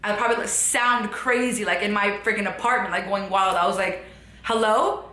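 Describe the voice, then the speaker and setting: A young woman telling a personal story in casual, rambling style, full of fillers, dropping to a hush and then rising again. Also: medium pitch, fairly quick, reverberant. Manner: rambling, filler-heavy, shifts from hushed to animated. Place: her apartment.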